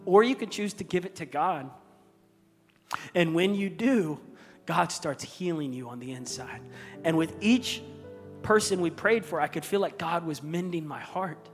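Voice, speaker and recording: A man's voice: a little high, a little slow. A male pastor telling a personal story in an earnest, raw, confessional sermon. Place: church auditorium stage. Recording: echoey hall with music underneath.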